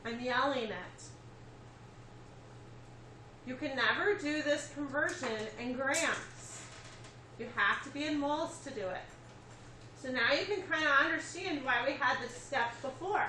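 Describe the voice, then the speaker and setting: A woman's voice: high voice, unhurried, long pauses, sharp tone, a little hiss or hum. A woman teaching a chemistry lesson, explaining step by step and checking in with her students. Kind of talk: classroom lecture. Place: classroom. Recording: echoey classroom with faint ambience.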